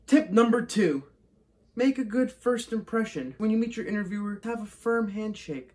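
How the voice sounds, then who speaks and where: A man's voice: high-pitched, moderate pace, a little mellow. Upbeat young man giving vlog advice. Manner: upbeat, chatty, addresses viewers as guys. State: hoarse, losing his voice. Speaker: vlogger.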